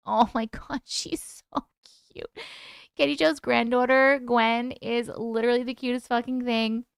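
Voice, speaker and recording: A woman hosts a casual live stream from home and chats easily with her viewers, reading their comments aloud and thanking them as she goes. Her voice sits a little high and sounds smooth and clear. The sound is close and dry. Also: moderate pace, no room sound. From United Kingdom. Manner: chatty, reads out and answers viewer comments.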